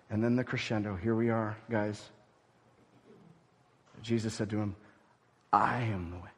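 A man preaching a sermon as pastor, swinging from loud emphatic lines to hushed, near-whispered ones. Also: on the low side, steady tone, a little slow, pauses often, slightly rough, in a large hall.

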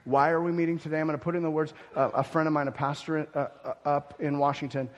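A man's voice: on the high side, level tone, fast talker, in a large hall. A male pastor preaching a sermon in a church, emphatic and prone to repeating key phrases. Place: church hall.

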